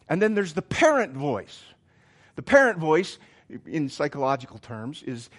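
A man preaching a sermon as a pastor, earnest, swinging from emphatic lines to hushed, quiet ones. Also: on the high side.

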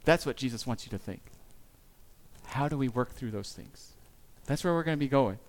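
A man giving a sermon as pastor, speaking earnestly and confessionally, with pauses and small restarts. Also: medium pitch, expressive, darkish tone.

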